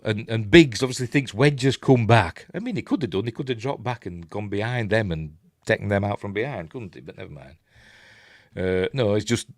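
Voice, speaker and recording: An older Yorkshireman with a lowish voice chats and rambles through a casual commentary while watching a film, humming the score as he goes. The sound is clean studio quality with no room sound.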